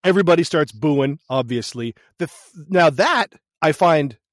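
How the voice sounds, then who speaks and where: A man with a slightly raised pitch tells a movie's story in loose, profane podcast chat. He is animated and laughs often, and the close, dry sound keeps his voice right up front. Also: moderate pace, no echo. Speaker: podcast co-host. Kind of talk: casual movie recap chat.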